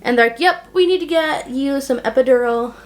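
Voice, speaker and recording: A young woman vlogger telling a personal story casually while doing her makeup, filling her talk with "like" and retelling what people said in an animated way. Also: high voice, brisk. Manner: chatty, heavy use of "like", animated retelling. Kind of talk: casual get-ready-with-me storytelling.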